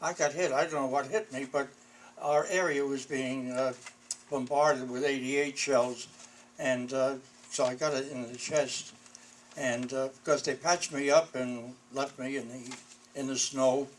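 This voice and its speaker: A man's voice: mid-range voice, fairly even intonation, unhurried, a little hiss or hum, low-quality recording. A man in his eighties, a war veteran, telling wry memories in a chuckling, anecdotal way. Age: 80s. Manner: chuckling, wry storyteller, often breaking into laughter. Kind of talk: anecdotal storytelling.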